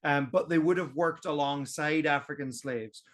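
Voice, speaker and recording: A man's voice: a little high, moderate pace, fairly bright tone. A man on a roundtable podcast, explaining history at length in a casual way, with lots of "um" and restarts. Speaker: podcast co-host.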